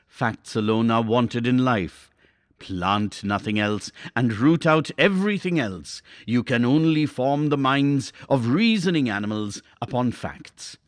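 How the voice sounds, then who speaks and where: A rigid, dictatorial Victorian schoolmaster who lays down his creed in an inflexible, dry tone, as a man reads him aloud. He stretches his words slowly and lets his pitch swing wide for emphasis. The sound is close and dry. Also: no room sound, close to an everyday voice. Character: stern dictatorial Victorian schoolmaster obsessed with facts.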